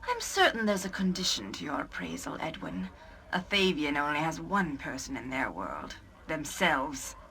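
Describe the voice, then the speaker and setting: An actress voicing a haughty, sultry dark elf woman in a video game, cutting and sensual in her delivery. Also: low-pitched, big pitch swings, moderate pace, exaggerated voice. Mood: scornful.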